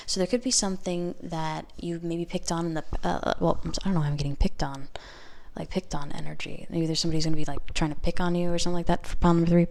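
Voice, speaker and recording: A woman's voice: lowish voice, fairly even intonation, fast, gravelly, darkish tone. A young woman giving a casual tarot reading to camera, chatty and full of "like" and "okay?". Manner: chatty, heavy use of "like" and "okay?". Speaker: tarot reader.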